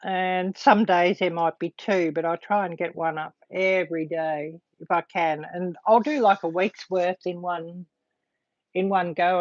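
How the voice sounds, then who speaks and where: Woman livestream host, slow unhurried delivery, lots of ums, dull lo-fi home-mic sound. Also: on the low side, fairly even intonation, darkish tone, no echo. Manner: halting, filled with frequent ums. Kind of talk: casual livestream chat to viewers.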